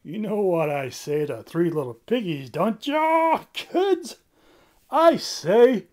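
Brief: woman playing a cocky cartoon bird boss, shrieky and giggly, lively swoops, slow delivery. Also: lowish voice, full character voice. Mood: giddy boasting. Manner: loud, giggly, squealing. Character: boastful excitable bird leader, male. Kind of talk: toy play-acting with voices.

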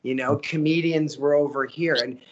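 Animated male voice actor. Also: a little high, normal speed, highs cut off. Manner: animated, slips into character voices. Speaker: voice actor guest. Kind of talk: casual storytelling interview.

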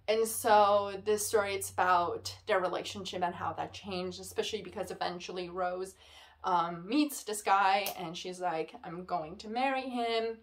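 Excitable woman ranting about books. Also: mid-range voice, moderate pace. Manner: excitable, ranting, heavy use of "like". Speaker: book reviewer. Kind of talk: casual book wrap-up vlog.

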